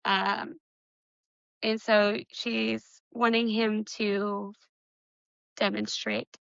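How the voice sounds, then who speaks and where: A woman's voice: mid-range voice, level tone, drawn-out words, gravelly, fairly bright tone, dry recording, muffled recording. A young woman co-hosting a casual book podcast, recapping chapters in a chatty way with giggles and filler words.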